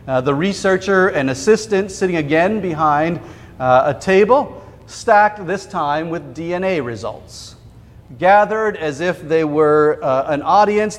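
A male pastor tells a story from the pulpit, acting out quoted lines and pausing for effect. His voice sits a little high for a man. A long church reverb trails after each phrase. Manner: vivid retelling with quoted voices and dramatic pauses. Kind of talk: sermon storytelling. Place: church sanctuary.

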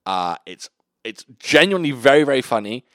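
A man co-hosting a casual podcast chat about films, animated and swearing freely, laughing easily. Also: medium pitch, fairly quick, no echo, clean studio sound. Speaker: podcast co-host.

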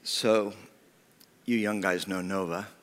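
Heartfelt pastor with a lowish voice in a reverberant church. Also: male voice, fairly even intonation, slow. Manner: heartfelt, often dropping to a hushed whisper. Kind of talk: sermon. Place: church sanctuary. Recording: long reverb of a church hall.

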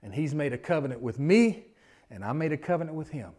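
Earnest man preaching, kinda high voice, repeats himself, goes loud then real quiet. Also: lively intonation, fast talker. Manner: earnest, repeats words, swings from loud to hushed. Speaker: pastor. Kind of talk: sermon.

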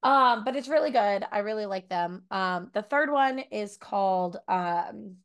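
A woman's voice: mid-range voice, lively intonation, measured pace, clean tone. A woman co-hosting a book podcast from home, chatting casually with many fillers and asides. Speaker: podcast co-host. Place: home room with bookshelves.

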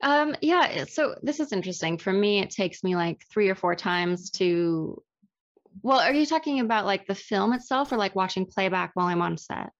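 Chatty, self-deprecating actress. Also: female voice, mid-range voice, normal speed, lo-fi sound. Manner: animated, self-deprecating, laughs often. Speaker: actress, interview guest. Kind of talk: casual interview chat.

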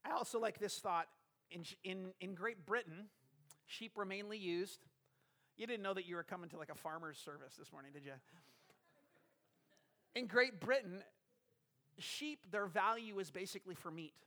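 A man's voice: sits high, moderate pace, long pauses, pushed and bright. A man preaching a conversational sermon as a pastor, explaining a scripture passage and putting rhetorical questions to his congregation.

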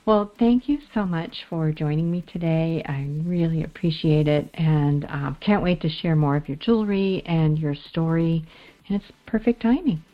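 A woman's voice: low voice, moderate pace, lo-fi sound. A woman hosting a podcast interview, talking in a casual, gushing way with frequent fillers. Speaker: podcast host.

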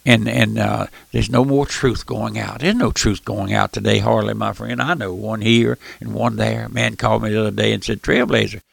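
An older man preaching a fervent radio sermon in a folksy, impassioned way, swinging from loud outbursts to hushed appeals. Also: fairly low pitch, little pitch movement, normal speed, vocal fry, few pauses, husky, no echo. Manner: impassioned, folksy, calls out "my friend", surges loud then drops soft.

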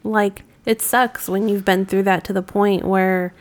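A woman's voice: medium pitch, flat delivery, unhurried. A woman in her thirties co-hosting a casual movie-review podcast, blunt and swearing freely. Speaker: podcast co-host.

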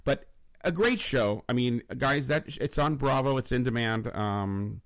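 A man's voice: mid-range voice, measured pace. A man hosting a casual talk show, rambling with many restarts and repeated words as he chats and introduces a guest. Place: studio in Los Angeles.

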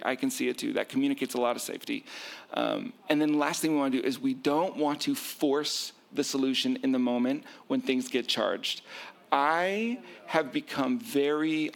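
Gravelly-voiced male marriage therapist. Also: mid-range voice. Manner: acts out quoted arguments, self-described nerding out. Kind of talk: animated explanatory talk.

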